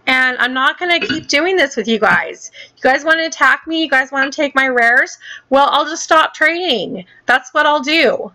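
Heated, bright-voiced woman ranting. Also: high-pitched, lively intonation, moderate pace. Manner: heated, swearing, repeats herself. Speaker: gaming channel host. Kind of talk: angry ranting vlog.

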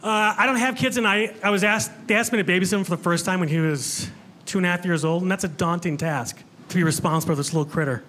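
A man with a high voice doing stand-up in a club, joking about himself and bantering with the audience. The live recording carries a clear hum of room noise behind his handheld mic. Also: fast talker, fairly bright tone. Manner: chatty, self-mocking, talks with the crowd. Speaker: stand-up comedian. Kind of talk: stand-up comedy set. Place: comedy club stage before a live audience.

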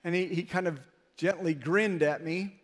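A pastor giving an emphatic, storytelling sermon in a church sanctuary. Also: male voice, high-pitched, steady tone, normal speed. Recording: long reverb in a large hall.

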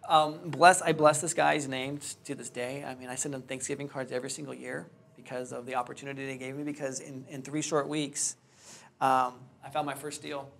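A man in his thirties, a real estate trainer, telling his personal story to a live class with candid, animated quoted dialogue. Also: mid-range voice, fairly quick, gravelly. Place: training room with hard floor.

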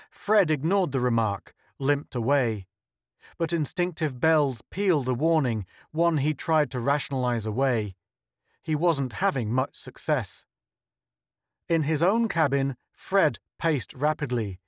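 A man narrating a science fiction story in a steady, measured reading. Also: mid-range voice, dry recording, studio quality. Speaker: audiobook narrator.

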